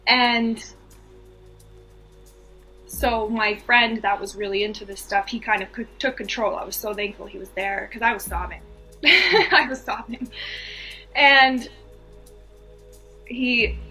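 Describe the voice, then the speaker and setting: A woman's voice: mid-range voice, steady tone, normal speed, bright, forceful tone, faint music behind. A woman from the US East Coast, a podcast guest, telling a personal story earnestly and with feeling, repeating phrases for emphasis.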